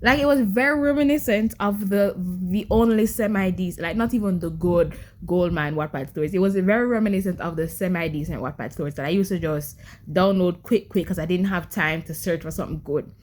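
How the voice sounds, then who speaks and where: A woman's voice: lowish voice, a little fast, darkish tone. A young adult woman talking casually to camera in a reading vlog, exasperated, often stammering and repeating herself and firing rhetorical questions at her viewers. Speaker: book vlogger.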